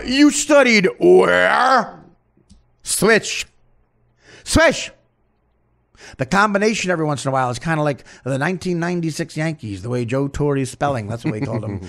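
A comedian hosting a show, delivering a crude, rambling, absurd comic rant. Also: male voice, mid-range voice, creaky. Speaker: comedian host.

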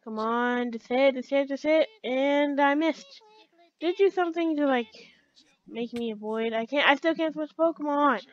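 A woman's voice: sits high, normal speed, lo-fi sound. A woman giving chatty let's play commentary, talking to her game characters as she plays. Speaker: gamer.

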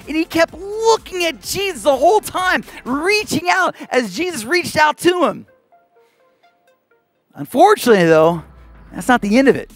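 A man, a children's pastor, telling a Bible story to kids in a playful, animated way and acting out the voices. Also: extremely high pitch. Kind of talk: kids' Bible lesson. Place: church kids' stage.

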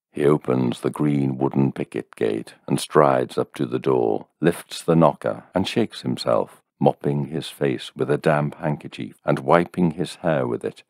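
A man reading a dark short story aloud in a wry, measured way. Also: very deep voice, vocal fry, no room sound, studio quality. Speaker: narrator.

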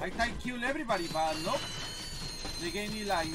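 High-voiced Spanish-accented gaming host. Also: male voice, animated, fast, over loud music. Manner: chatty, self-deprecating, exclamatory. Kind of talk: casual gameplay commentary.

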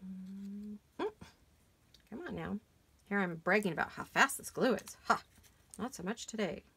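Gravelly-voiced woman chatting while crafting. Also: mid-range voice, a little fast, sharp tone. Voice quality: gravelly, froggy voice today. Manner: chatty, rambling, talks while working with hands. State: hoarse. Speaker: crafting channel host. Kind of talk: casual craft chat. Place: home craft studio. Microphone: camera mic while sitting back from a craft table.

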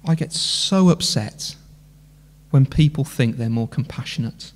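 A man's voice: medium pitch, measured pace, a little mellow. A man preaching an impassioned sermon in a church, full of rhetorical questions. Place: church hall. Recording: long church hall reverb.

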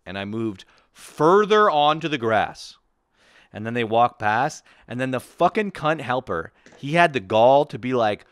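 Man, podcast host, profane animated ranter, lively pitch. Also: moderate pace, smooth, no room sound, clean studio sound. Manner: animated ranting, swears a lot, laughs often. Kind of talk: casual profane comedy chat.

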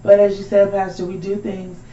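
A woman's voice: mid-range voice, flat delivery, brisk, dark tone. A woman joins a Bible study discussion from a roomy-sounding space, and her voice comes through dull on the call audio. She speaks thoughtfully, passing along what others in the group have said. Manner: thoughtful, relaying others' comments. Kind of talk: group discussion, reading aloud.

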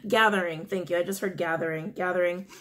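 A woman's voice: fairly low pitch, steady tone, quick pace, a bit bright, a little hiss or hum. A woman giving a casual tarot reading to her viewers, chatty and rambling with many fillers. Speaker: tarot reader.

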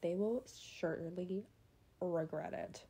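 A young woman giving casual gameplay commentary, excitable and swinging between quiet muttering and loud outbursts. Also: fairly low pitch, slow pace, slight background noise. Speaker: gaming video creator.

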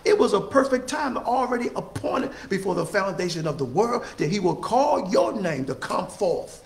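A man's voice: sits high, big pitch swings, moderate pace, vocal fry, hardly any pauses, echoey room. A man preaching a sermon with call-and-response, stretching out his key phrases for emphasis.

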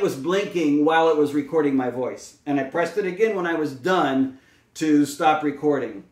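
A speech-language pathologist, a man with a slightly high voice, walks through a demonstration step by step, patient and full of small fillers. He sits back from the microphone, and the room adds a noticeable echo. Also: moderate pace. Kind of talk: instructional demonstration. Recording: roomy, mic at a distance.

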